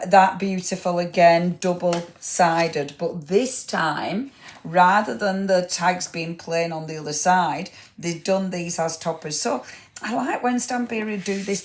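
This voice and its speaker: A woman hosting a live craft product showcase, gushing over papers and chatting to viewers by name. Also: fairly low pitch. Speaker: craft shop host.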